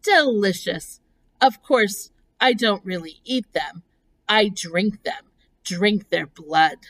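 A woman voicing a clever female spider with a thin, pleasant voice and a brisk, matter-of-fact manner. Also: medium pitch, animated, rough recording.

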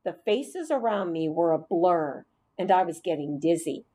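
A woman's voice: lowish voice, animated, measured pace, dark tone. A woman narrating a children's storybook in the first person as a hamster, reading expressively.

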